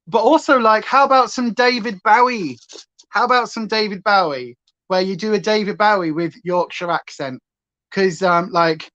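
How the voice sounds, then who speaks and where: A woman's voice: medium pitch, a little slow, fairly bright tone. A woman talks her viewers through a makeup look in a loose, rambling way. She drops sentences halfway and picks up comments from the chat as she goes. The sound is dull and lo-fi, like a home livestream mic. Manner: rambling, breaks off mid-sentence, reads chat aloud. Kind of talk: chatty livestream makeup tutorial.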